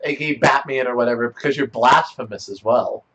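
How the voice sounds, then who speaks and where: A man's voice: medium pitch, a little fast, fairly bright tone, rough recording. A man chatting casually as a player in a tabletop game, playful and laughing often.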